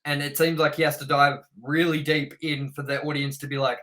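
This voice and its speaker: A young man co-hosting a casual film review podcast, blunt and animated as he reads out trivia. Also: fairly high pitch, brisk, poor audio. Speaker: podcast co-host.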